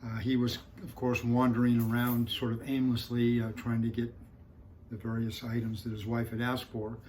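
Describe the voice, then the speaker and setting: A male pastor preaching a sermon, telling a story calmly with frequent pauses and fillers before turning to scripture. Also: mid-range voice, a little hiss or hum, rough recording. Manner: calm storytelling with frequent fillers, rising for punchlines.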